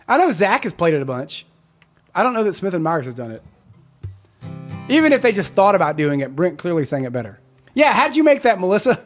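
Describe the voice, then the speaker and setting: A man in his forties, a musician hosting a live stream, chatting casually and rambling as he reads out viewer comments. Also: high-pitched. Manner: chatty, rambling, self-correcting.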